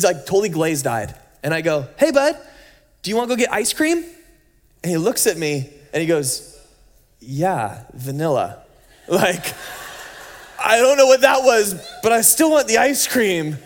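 A man in his thirties preaches with a light, high voice and tells a family story with lively energy, acting out each line of dialogue. His words ring out in a large hall with a long reverb tail. He moves from anecdote to his message in an easy, conversational way. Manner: animated storytelling, acting out quotes. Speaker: pastor. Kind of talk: sermon with personal story.

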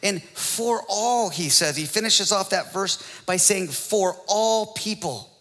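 Man, pastor, casual joking sermon, a bit higher than average, reverberant room. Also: takes it slowly, pushed and bright. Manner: joking, conversational preaching with frequent laughs.

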